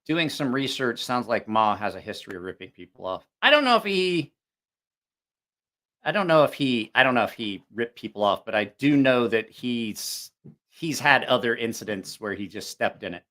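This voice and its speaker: A man's voice: medium pitch, lively intonation, normal speed, bright, forceful tone. A man hosting a knife review channel, chatting casually on a stream, rambling and frank, swearing freely, with many restarts. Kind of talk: casual live-stream chat.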